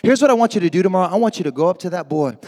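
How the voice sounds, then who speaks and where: High, lively young preacher man. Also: very fast, big-room sound. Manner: animated, jokey, shouts for emphasis. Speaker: youth pastor. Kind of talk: energetic youth sermon.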